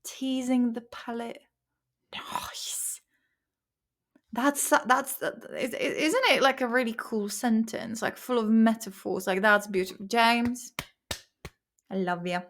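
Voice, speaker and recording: A woman's voice: fairly high pitch, a little slow, fairly bright tone. A woman hosting a casual study-along vlog, playful and rambling, sounding out words over and over. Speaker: vlog host studying vocabulary.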